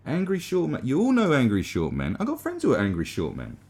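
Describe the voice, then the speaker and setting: A man's voice: mid-range voice, wildly swooping pitch, a little fast, darkish tone, slightly rough. A man delivering a sarcastic, rambling comedic monologue as the host of a commentary channel, with frequent restarts.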